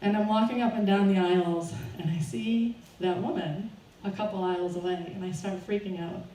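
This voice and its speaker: A woman's voice: medium pitch, steady tone, moderate pace, mellow. Woman speaker at a fundraiser, nervous, laughing storyteller, caught from far off in a roomy space. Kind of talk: personal story told to a live audience. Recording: roomy, distant, faint background noise.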